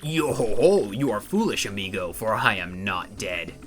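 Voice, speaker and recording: A man's voice: on the low side, expressive, normal speed, a bit bright. Man putting on a gloating pirate skeleton king. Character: boastful undead male pirate skeleton king.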